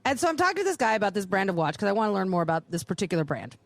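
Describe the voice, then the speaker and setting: A woman's voice: big pitch swings, racing, no echo. A woman co-hosting a live podcast show, telling a long story with lots of swearing and acting out each voice in the dialogue. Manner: profane, acts out dialogue with big pitch jumps. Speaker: podcast co-host. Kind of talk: animated storytelling. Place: live show on a cruise ship.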